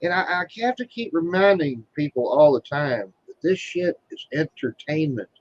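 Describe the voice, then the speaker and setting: A man's voice: fairly high pitch, animated, moderate pace, no room sound. Foul-mouthed rambling man, lo-fi recording. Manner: crude, rambling, swears constantly. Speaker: guest being interviewed. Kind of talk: casual chat. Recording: dull, dry lo-fi sound.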